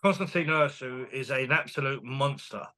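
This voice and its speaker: A man, a boxing promoter chatting as a guest in an interview, animated and quick to laugh. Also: medium pitch. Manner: animated, enthusiastic, laughs often, retells dialogue. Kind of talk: casual interview chat.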